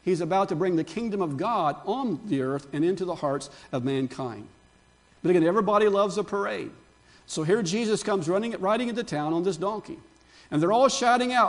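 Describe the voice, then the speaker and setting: An older man, a pastor, giving a Palm Sunday sermon, with animated preaching and chatty asides to his congregation. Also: high voice, fairly quick.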